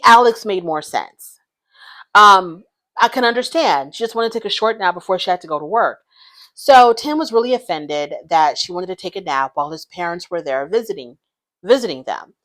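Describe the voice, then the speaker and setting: A woman giving casual, opinionated commentary on a reality show, frank and blunt. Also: medium pitch.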